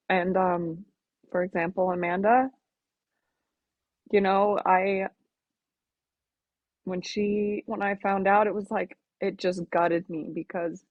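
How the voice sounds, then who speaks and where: A woman guest on a podcast, talking in an earnest, reflective, halting way in casual interview chat. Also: medium pitch, no echo. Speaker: podcast guest, melanoma advocate. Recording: dull lo-fi podcast audio.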